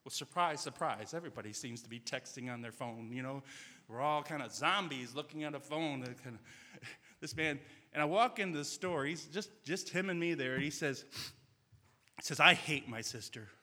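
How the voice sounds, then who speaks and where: A man's voice: fairly high pitch, normal speed, bright, forceful tone, long reverb tail. A man preaching a sermon in a church sanctuary, earnest and telling stories with quoted dialogue.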